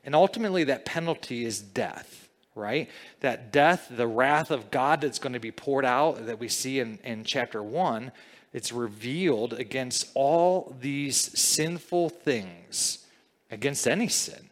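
Slow-speaking man preaching a sermon. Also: mid-range voice, lively intonation, big-room sound. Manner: conversational teaching, frequent "okay?" and "all right?" check-ins. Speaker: pastor.

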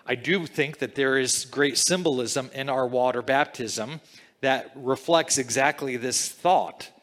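Male pastor, unhurried sermon delivery, conversational teaching style, reverberant hall sound. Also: medium pitch, fairly bright tone. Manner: conversational teaching, frequent "okay?" and "all right?" check-ins.

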